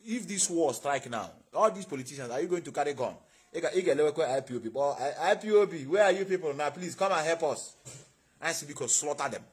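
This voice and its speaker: A man's voice: on the high side, animated, fast talker, breathy edge. A man with a Nigerian accent hosting an impassioned livestream, preaching and asking his viewers rhetorical questions. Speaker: online show host.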